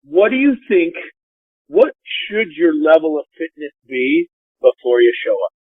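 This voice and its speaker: A podcast host telling stories in a loose, profane way and acting out everyone he quotes. His voice sits fairly high for a man. It comes through a dry, tinny phone line with no room sound. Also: unhurried, no room sound. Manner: profane, animated storyteller who acts out quotes. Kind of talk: casual storytelling chat. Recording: phone-line call audio.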